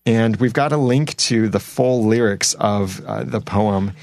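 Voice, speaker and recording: A man's voice: lowish voice, unhurried, gravelly, a little mellow, no room sound. A man hosting a casual podcast discussion about a TV show, reading listener comments aloud. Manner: conversational, reads listener comments. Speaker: podcast host.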